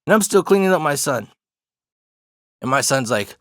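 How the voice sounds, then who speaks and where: A man's voice: fairly high pitch, big pitch swings, moderate pace, long pauses, dry recording, clean studio sound. A young man telling a rambling, profane restroom story in a casual storytime monologue, laughing as he goes. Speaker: vlogger.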